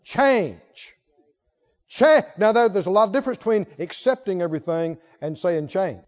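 A man's voice: high-pitched, moderate pace, darkish tone, big-room sound. A man preaching a sermon, emphatic and laughing often as he asks the congregation questions. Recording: dull lo-fi recording.

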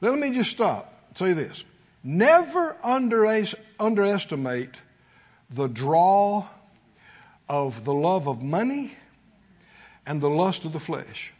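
Pastor guy preaching, real high lively voice, call and response, kinda dull lo-fi sound. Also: takes it slowly, long pauses, husky. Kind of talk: sermon.

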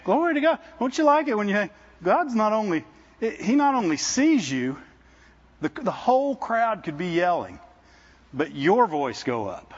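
This is a sermon at a church service, where a man visiting as guest speaker talks to the congregation in a conversational style, restarting a lot and repeatedly asking the room "Amen?" He has a high, breathy voice with big swings in pitch and a slightly slow delivery, and the audio is dull.

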